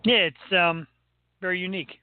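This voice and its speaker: A man's voice: high-pitched, steady tone, moderate pace. A man with a Philadelphia accent hosting a casual chat show, teasing and joking as he reads a list. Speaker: podcast host. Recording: tinny phone-like line, dry.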